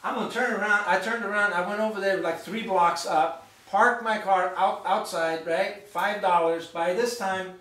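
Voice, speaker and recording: A man giving an author's talk in a bookshop, telling a story in an animated, chatty way with asides to the audience. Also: high-pitched, moderate pace. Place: bookshop event room. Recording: very echoey room, mic far off.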